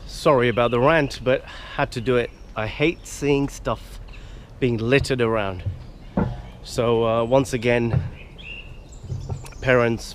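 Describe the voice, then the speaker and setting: A man's voice: medium pitch, a little hiss or hum. A man vlogging outdoors by a river, earnestly urging viewers not to litter. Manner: earnest ranting appeals to viewers. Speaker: hiking vlogger. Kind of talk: outdoor vlog talk to camera.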